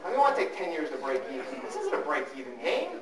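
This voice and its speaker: A man's voice: on the high side, very animated, fast talker, crowd noise. A man giving a live financial seminar, teasing the audience and repeating points with emphasis. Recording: roomy hall from a distance.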